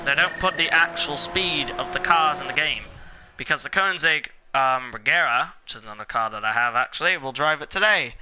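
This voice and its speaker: A man's voice: on the high side, smooth. A man giving rambling, joking commentary while playing a racing game. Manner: rambling, chatty, joking asides. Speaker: gameplay commentator. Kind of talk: casual gameplay commentary. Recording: loud racing car engine noise behind. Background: racing game engine and car sounds.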